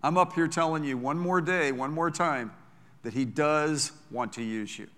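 A man's voice: fairly high pitch, normal speed, a bit bright, big-room sound. Enthusiastic male pastor preaching. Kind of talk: sermon. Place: church.

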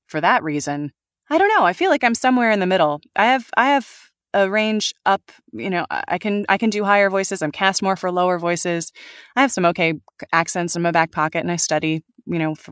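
Animated woman voice actor, dry sound. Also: on the low side, dry recording. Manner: animated, laughs often, trails off and restarts. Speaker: voice actor guest. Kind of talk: casual interview talk.

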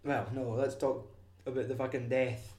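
A man's voice: mid-range voice, moderate pace. Sweary man in echoey room. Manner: sweary, animated, acts out scenes. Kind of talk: casual film chat.

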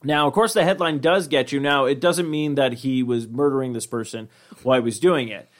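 A man's voice: mid-range voice, a little fast. Laid-back man hosting a chatty podcast. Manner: rambling, laid-back, swears often. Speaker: podcast host. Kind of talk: casual chat.

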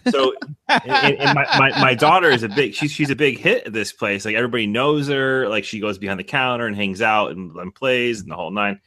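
A man co-hosting a podcast, telling a halting, repetitive story in casual chat about his daughter. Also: mid-range voice, animated, bright, forceful tone, dry recording. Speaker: podcast co-host.

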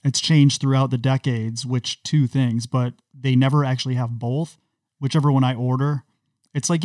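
A man's voice: medium pitch, fairly even intonation, moderate pace, a little mellow, no echo. A man co-hosting a casual podcast, setting up jokes with dry questions. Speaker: podcast co-host.

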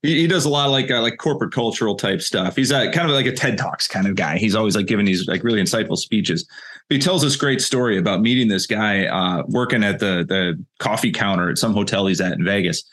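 A man's voice: lowish voice, fast, fairly bright tone. A man co-hosting a casual podcast over a video call, talking emphatically and often repeating his first words. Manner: emphatic, repeats words when starting sentences. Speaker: podcast co-host.

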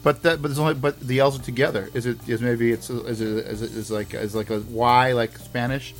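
A man's voice: medium pitch, fairly even intonation, a little fast, soft background music. A man with a Boston accent hosting a podcast, chatting casually in a joking, rambling, self-mocking way. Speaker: podcast host.

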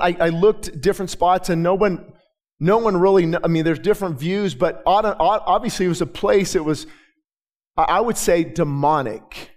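High-voiced pastor preaching with fervor. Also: male voice. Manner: swings from quiet storytelling to shouted, rising preaching. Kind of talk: sermon. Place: church sanctuary with balcony.

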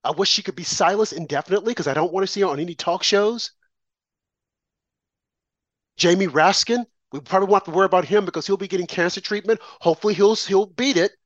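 A man's voice: sits high, fast, no room sound, dull audio. A man ranting about politics in a combative, preachy and emphatic way. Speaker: political commentator. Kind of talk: opinionated political rant.

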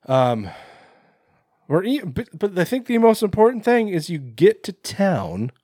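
A man's voice: high voice, big pitch swings, measured pace, a little mellow, no echo, clean studio sound. A man co-hosting a podcast, recapping a horror film in loose casual chat, rambling with lots of fillers and swearing. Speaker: podcast co-host.

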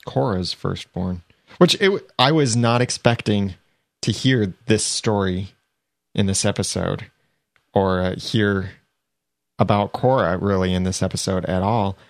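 A man's voice: fairly low pitch, a little slow, vocal fry, no echo, clean studio sound. A man hosting a podcast, chatting casually about a TV episode and reading out show announcements. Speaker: podcast host.

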